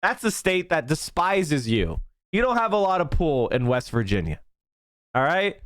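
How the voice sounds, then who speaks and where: A male political commentator from Pennsylvania ranting on a live stream, heated and profane, often breaking into shouts. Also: a little high, big pitch swings, measured pace, dry recording, clean studio sound.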